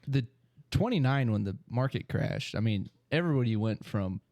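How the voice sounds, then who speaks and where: Podcast dude talking history, lots of uh and um, dry close mic. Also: male voice, medium pitch, lively intonation, normal speed, a little mellow, dry recording. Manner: rambling, many fillers and agreeing yeps. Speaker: podcast co-host. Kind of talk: casual chat.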